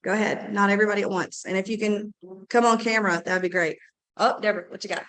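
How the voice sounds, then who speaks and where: A woman with a hoarse, scratchy voice from a cold, hosting a team meeting in an upbeat, chatty, rambling way. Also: mid-range voice, steady tone, fast talker, a bit bright. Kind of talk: casual meeting talk.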